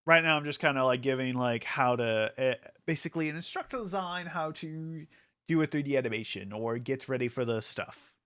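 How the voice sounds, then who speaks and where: A man's voice: mid-range voice, normal speed, fairly bright tone. A man streaming casually, rambling with lots of fillers and frequent laughter, hyped up from an energy drink. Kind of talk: casual livestream chat.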